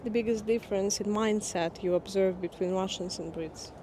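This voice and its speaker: A woman's voice: medium pitch, fairly even intonation, moderate pace, noisy background. A woman asking short, matter-of-fact interview questions outdoors.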